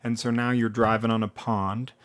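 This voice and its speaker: A man telling a comedic story in a rambling, animated way, often interrupting himself. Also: mid-range voice, normal speed, no room sound. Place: now living in Colorado.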